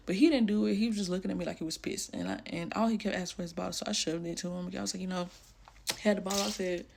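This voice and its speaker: Gravelly, husky woman telling her story. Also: fairly low pitch, racing, a little mellow. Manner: blunt, emotional, casual slang. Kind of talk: candid personal storytelling.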